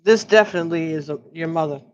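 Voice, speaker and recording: A woman giving an oracle card reading on a livestream, musing slowly and pausing as if listening for messages. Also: low-pitched, highs cut off. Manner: slow, musing, pauses to listen.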